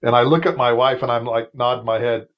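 A man's voice: medium pitch, a little fast, highs cut off. A man in his fifties, a retired Air Force officer, telling long emotional stories as a podcast guest, with restarts and asides. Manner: rambling, emotional anecdotes with many restarts. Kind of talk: storytelling in a casual interview.

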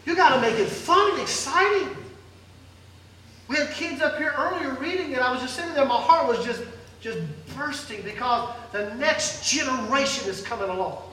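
A man preaching an emotional sermon, swinging between loud calls and soft pleading, recorded from afar in a large church hall. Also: very high voice, animated, moderate pace, a little hiss or hum. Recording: echoey hall from far off.

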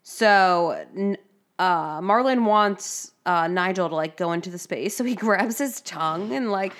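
A woman co-hosts a casual podcast, speaking in a relaxed way. She mostly chimes in with short reactions, then takes her turn recapping a scene with plenty of "like". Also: fairly low pitch, measured pace, slight background noise. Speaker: podcast co-host. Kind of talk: casual chat.

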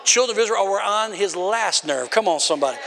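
A man delivers a fiery sermon in a strikingly high, bright voice, shouting out his points and calling for answers from the pews. His words echo with a long tail through a large church hall. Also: expressive, fast, gravelly. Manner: emphatic, often shouting, calls on the congregation. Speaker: preacher.

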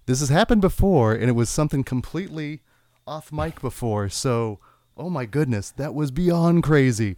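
A man's voice: mid-range voice, lively intonation, normal speed, darkish tone, no room sound, studio quality. A man co-hosting a podcast, talking casually and enthusiastically about music, rambling with frequent restarts. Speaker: podcast co-host.

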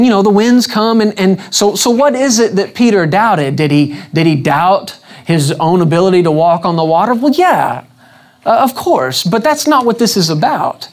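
A man preaching a sermon, repeating questions to his congregation with emphatic restarts. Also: sits high.

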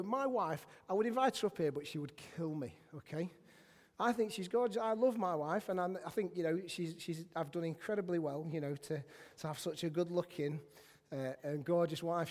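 Animated English preacher in a reverberant church. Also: male voice, high voice. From England. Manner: animated, self-deprecating storytelling with bursts of shouting. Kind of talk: sermon. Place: church sanctuary. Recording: church hall with long reverb.

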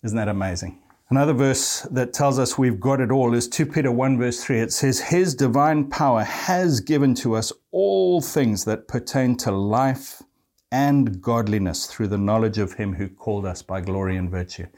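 Man preaching a gentle sermon. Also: mid-range voice, normal speed. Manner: warm pastoral address to listeners, quoting scripture.

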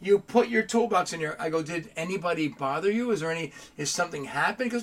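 A man who owns a body shop, chatting casually on a podcast and acting out his own stories with lively quoted dialogue. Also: fairly high pitch, quick pace. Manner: animated storyteller, acts out dialogue.

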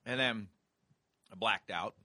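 A man in casual chat, telling stories with lots of profanity, laughter and shouted re-enactments. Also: lowish voice, slow, breathy edge, dry recording, clean studio sound.

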